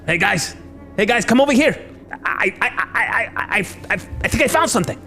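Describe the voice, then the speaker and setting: A man voicing a nervous, excited male crew explorer, stammering and tripping over his words in a hushed voice. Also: high voice, brisk, soft background music, voice pushed up, exaggerated voice. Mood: jittery.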